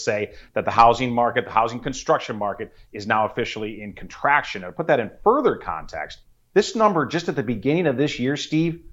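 A man's voice: medium pitch, lo-fi sound. A man giving an earnest, explanatory economic commentary, often addressing the host by name.

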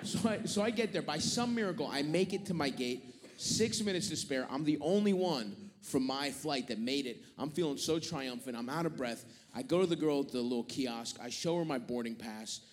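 A man's voice: on the high side, expressive, normal speed. Profane stand-up man in a big hall. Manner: profane, exasperated, acts out both sides of arguments. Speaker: stand-up comedian. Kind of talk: stand-up comedy storytelling. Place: theater stage before a live audience. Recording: live stage recording with long hall reverb and audience noise.

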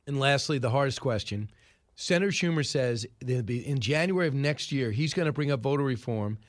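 Brisk male interview host. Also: mid-range voice, expressive, dry recording, studio quality. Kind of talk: interview questions.

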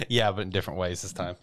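A man's voice: low-pitched, fairly bright tone. A man co-hosting a podcast, recapping an anime episode in casual, rambling chat, swearing freely and laughing often.

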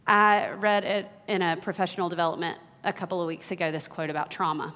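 A woman in her thirties, a worship leader, telling a personal story in a sermon with earnest warmth and small laughs. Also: fairly low pitch, fairly even intonation, fast. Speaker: worship leader giving a talk. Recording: long hall reverb.

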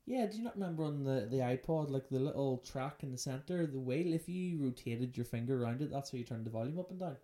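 Very low, dark-voiced woman joking. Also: lively intonation, fast, hardly any pauses. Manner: playful, joking, storytelling. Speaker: podcast host. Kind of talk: casual unscripted chat.

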